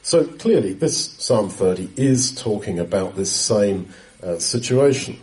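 A man giving an unhurried Bible teaching talk, explaining passages and quoting scripture as he goes. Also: fairly low pitch, lively intonation, darkish tone, low-quality recording. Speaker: preacher.

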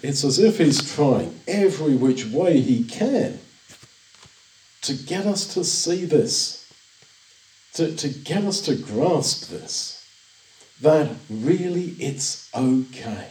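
Older man, sermon, earnest and reassuring, lively rise and fall, distant echoey room. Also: on the high side, slow pace. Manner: earnest, reassuring, repeats phrases. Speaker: preacher.

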